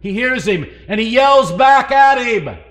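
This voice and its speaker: A man preaching a sermon, swinging between loud emphasis and hushed asides and asking the congregation questions. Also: very high voice, lively intonation, measured pace.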